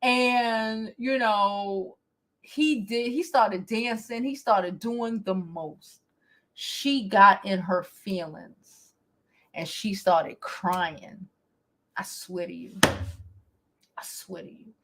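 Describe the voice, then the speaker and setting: A woman vlogger telling a casual storytime to her viewers, animated and profane, often breaking into laughter. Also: medium pitch, drawn-out words. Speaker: beauty vlogger.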